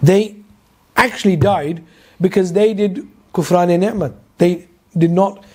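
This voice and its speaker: A man giving an animated Quran lesson lecture, full of hesitations and quick recited verses. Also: sits high, husky. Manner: animated, mixes English with Urdu and Arabic recitation, many fillers. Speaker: Islamic teacher.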